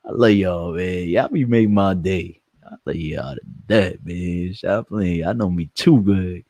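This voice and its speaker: Man, live stream host, profane, joking, slightly low voice, dry close mic. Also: unhurried, dark tone, no room sound. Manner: brash, profane, joking, talks to chat. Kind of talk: casual live stream chat.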